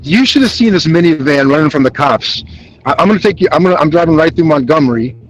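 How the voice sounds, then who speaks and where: A man calling in from his car while driving, talking in an excitable, rambling way. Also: on the high side, quick pace, a little hiss or hum. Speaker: caller. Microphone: phone. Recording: dull lo-fi phone call.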